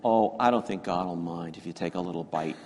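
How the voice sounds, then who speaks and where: A male pastor voicing a tempting snake in a children's Bible story, slow and coaxing. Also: low-pitched, a little mellow, pitched below the performer's own voice, natural voice. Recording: echoey church hall.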